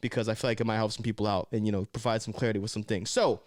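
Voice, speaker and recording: A young man from Southern California talking casually to camera, animated and slangy, often saying man and bro. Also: fairly low pitch, rapid-fire, slight background noise. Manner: animated, slips into mocking voices. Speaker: vlogger.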